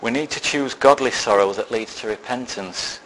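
A man delivers a sermon in an easy, storytelling way, poking fun at himself with dry asides. His voice sits at an everyday middle pitch. A faint hum of the room sits under him. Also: moderate pace, a bit bright, poor audio. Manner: self-deprecating storytelling with dry humour. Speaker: lay preacher.

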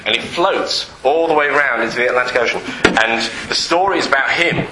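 A man's voice: mid-range voice, brisk, heavy background noise. A man preaching a sermon in a church hall, conversational and self-deprecating, with frequent fillers and restarts.

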